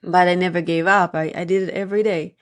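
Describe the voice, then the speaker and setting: A woman's voice: lowish voice, steady tone, fast talker. A woman hosting a podcast interview, a hypnotherapist who talks earnestly and shares personal stories, stressing points through repetition. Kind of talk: casual interview talk.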